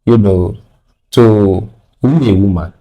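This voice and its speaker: A man's voice: fairly low pitch, takes it slowly, dark tone. A man with a Nigerian accent, a guest on a radio talk show, arguing his views firmly and repeating words when pressed.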